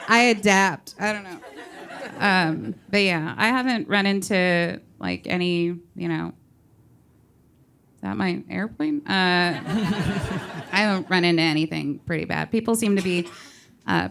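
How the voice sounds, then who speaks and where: A female comedian on a panel, talking in a bubbly, animated way with frequent laughs. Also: medium pitch, measured pace, vocal fry, a little hiss or hum. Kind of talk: panel discussion.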